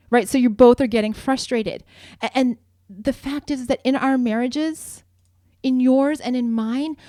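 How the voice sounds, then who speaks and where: A woman's voice: fairly high pitch, darkish tone, no room sound. Woman cohost on a marriage podcast, earnest, laughs a lot, super dry close mic. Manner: earnest, laughs easily, reads sponsor plugs. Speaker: podcast co-host. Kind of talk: casual marriage podcast talk.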